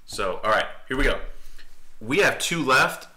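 A man's voice: mid-range voice, animated, unhurried, noisy background. A middle-aged man hosting a family live stream, telling jokey stories and reading out viewer comments. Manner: playful, jokey storyteller who reads out viewer comments. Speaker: family vlog host and dad. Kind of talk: casual live-stream chat.

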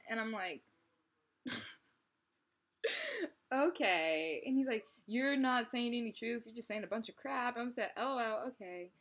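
A young woman tells a story straight to her camera, acting out both sides of an argument and laughing often. Her voice has a husky, breathy edge, and the talk runs loose and casual. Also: on the high side, big pitch swings, measured pace, long pauses, a bit bright. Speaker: vlogger.

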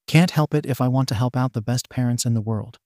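A man's voice: medium pitch, fast talker, mellow, no echo, studio quality, close to an everyday voice. A man doing an eager, earnest teenage boy. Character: cheerful eager teenage boy, devoted son.

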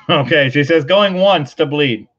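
A man hosting a livestream coin auction, chanting bids in a quick rhythmic auctioneer patter and bantering playfully between calls. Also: on the high side, a bit bright, breathy edge, highs cut off. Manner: rapid rhythmic bid calling, playful teasing. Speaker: host auctioning coins on a livestream.

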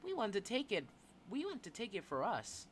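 A man voicing a high-voiced, overly helpful job recruiter in a game. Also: huge pitch swings, normal speed, slight background noise. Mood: chirpy.

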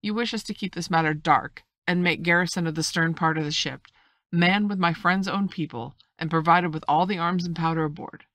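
A woman voicing a calm, shrewd doctor. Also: lowish voice, no echo, lightly acted. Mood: measured. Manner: measured and reasonable. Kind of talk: audiobook reading.

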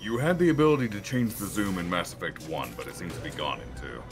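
Low-voiced man, quick matter-of-fact quips. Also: animated, over music. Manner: dry, matter-of-fact answers to questions. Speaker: co-commentator on a game stream. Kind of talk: casual live-stream chat.

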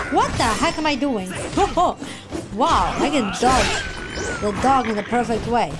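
A female gaming streamer with a slightly high voice gives excitable live reactions to a video game, shrieking, gasping and talking to the characters on screen.

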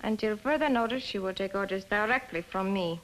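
An actress playing a young, imperious wife plotting a conspiracy, in 1950s TV drama style, cold and commanding. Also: female voice, medium pitch, brisk, a bit bright, close to an everyday voice, low-quality recording.

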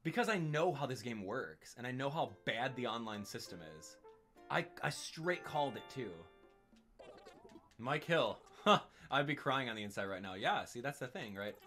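Excitable, lively man streaming a game. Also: medium pitch, moderate pace, faint music behind. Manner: excitable, exclaiming and ranting in frustration. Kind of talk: live gaming stream commentary.

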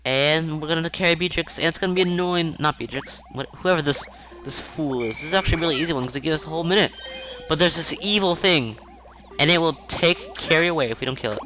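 A man casually commenting on a video game as he plays, chatty and rambling, with self-mocking asides and excited outbursts. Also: a little high, fast, a little hiss or hum. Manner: excitable outbursts during play. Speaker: video game let's-play host. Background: faint game music.

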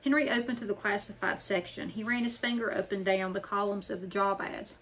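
A woman narrating a children's chapter book in a clear, steady storytelling manner. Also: mid-range voice, a little fast, low-quality recording. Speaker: audiobook narrator.

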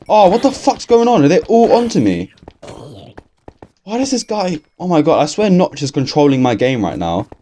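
A young English man giving casual, excitable gameplay commentary from his bedroom, swearing constantly and talking to himself. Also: a little high, normal speed, slight background noise. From England. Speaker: gaming youtuber. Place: bedroom at home.

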